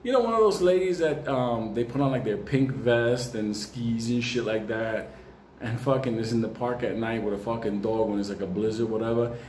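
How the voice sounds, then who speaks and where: Profane New storyteller, animated. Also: male voice, mid-range voice, normal speed, a little hiss or hum. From New York. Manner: profane, animated, laughs often. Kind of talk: comic storytelling. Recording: roomy with faint ambience.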